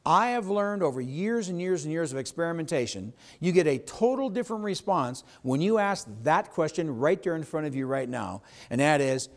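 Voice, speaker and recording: Man, slightly high voice, emphatic seminar trainer, keeps checking in with the room. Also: animated, moderate pace, hardly any pauses. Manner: emphatic, asks the audience questions. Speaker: real estate sales trainer. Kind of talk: live sales training seminar.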